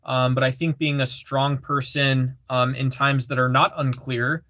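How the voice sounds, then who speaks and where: A man's voice: mid-range voice, flat delivery, measured pace, bright, forceful tone, dry recording. A man casually chatting on a livestream, reading chat messages aloud and repeating phrases, with lots of fillers.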